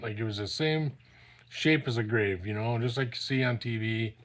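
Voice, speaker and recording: A middle-aged man with an ordinary, mid-pitched voice spins a yarn from his past in a loose, rambling way. He swears freely and leans on fillers as he goes. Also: moderate pace, fairly bright tone. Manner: rambling and profane, full of fillers. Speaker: storyteller. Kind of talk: casual storytelling.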